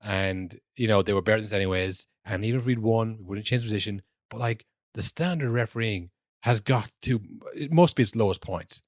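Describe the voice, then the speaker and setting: A man's voice: lowish voice, brisk, no echo, clean studio sound. A man in his twenties or thirties, co-hosting a podcast, ranting casually about football refereeing with lots of swearing and restarts. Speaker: podcast co-host.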